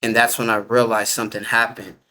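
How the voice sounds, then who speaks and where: Telling the story of his near-death experience in an interview, this man rambles casually, full of fillers, restarts, and slangy everyday grammar. His voice sits fairly low, with a level, bright, forceful tone and a slightly fast pace.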